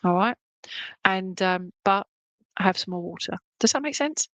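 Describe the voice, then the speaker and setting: A woman's voice: medium pitch, lively intonation, unhurried, fairly bright tone, dry recording, low-quality recording. A woman working as a spiritualist medium, giving a chatty, reassuring reading and checking in with "okay?" all the time. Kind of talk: clairvoyant reading in an online church service.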